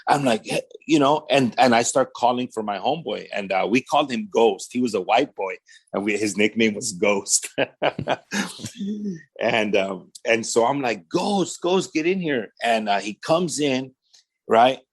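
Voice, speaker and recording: Speaking at a measured pace in a lowish, slightly rough voice, a Southern Californian man recounts his testimony conversationally. He performs the voices of the people he quotes and keeps dropping "man" and "right?".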